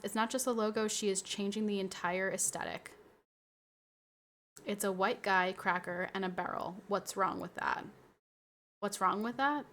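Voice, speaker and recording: A young adult woman streaming and chatting with her viewers, ranting in an animated way and swearing freely. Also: mid-range voice. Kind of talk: casual livestream chat.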